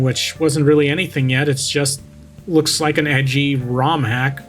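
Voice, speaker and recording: Young man, slow, sarcastic story reader. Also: mid-range voice, faint music behind, poor audio. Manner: mocking, swears freely, interrupts his own reading. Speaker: VTuber reading a creepypasta. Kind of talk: story reading with sarcastic commentary.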